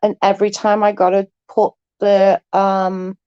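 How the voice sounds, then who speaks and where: A tired woman with a mild stutter chats casually with her stream viewers, often breaking off and starting her sentences over. Her voice is mid-pitched and sounds dry and close, through a dull, lo-fi home mic. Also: completely flat delivery, a little slow, smooth, no echo. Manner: chatty, trails off into restarts. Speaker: live-stream host.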